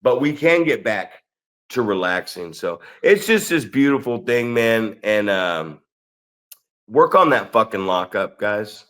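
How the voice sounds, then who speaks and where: A man with an American accent co-hosting a wrestling podcast, telling stories in a sarcastic, profane, animated way. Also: lowish voice, unhurried. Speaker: podcast co-host. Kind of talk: casual chat.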